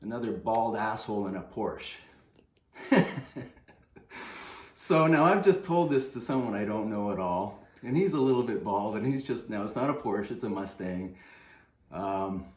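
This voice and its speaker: An older man with a low voice tells a long, rambling story to the camera, stopping often for fillers and restarts. His voice rings around an echoey room. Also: normal speed, long pauses. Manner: rambling, animated anecdote telling with many fillers. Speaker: fitness coach.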